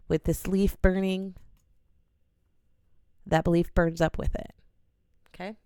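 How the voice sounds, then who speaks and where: A woman, an oracle card reader, gently and earnestly talking viewers through a ritual in a small home studio in her bedroom. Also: on the low side, level tone, takes it slowly, smooth, no echo. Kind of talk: casual guided ritual talk.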